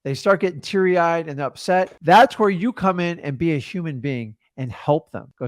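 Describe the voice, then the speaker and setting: Dry, energetic male real estate coach. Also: fairly high pitch, normal speed, hardly any pauses, dry recording. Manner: shifts emphasis and pace to demonstrate tonality. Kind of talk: energetic teaching monologue.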